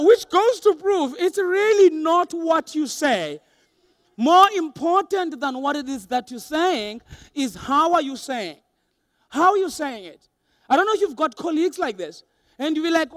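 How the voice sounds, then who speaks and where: A young man with a high, light voice delivers a lively motivational talk to a big crowd. He acts out little scenes and voices for laughs. The sound is dry and close. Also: a little slow, no echo. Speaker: motivational speaker. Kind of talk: motivational keynote speech. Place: large hall with a live audience.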